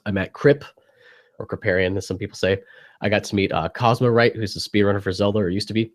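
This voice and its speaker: A man's voice: fairly low pitch, steady tone, quick pace. A young man co-hosting a casual tech show over a video call, talking in a loose, rambling, jokey way while congested from a cold. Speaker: podcast co-host. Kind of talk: casual chat.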